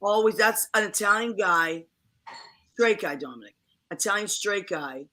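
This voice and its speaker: Woman host, chatty and animated; bright tone. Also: mid-range voice, a little slow. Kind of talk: casual chat.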